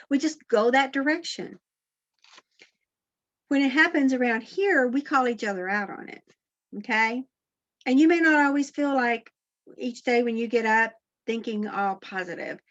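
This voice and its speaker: A woman's voice: a little high, fairly bright tone, lo-fi sound. Earnest woman giving a faith talk. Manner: earnest, encouraging, asks the listener questions. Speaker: Christian motivational speaker.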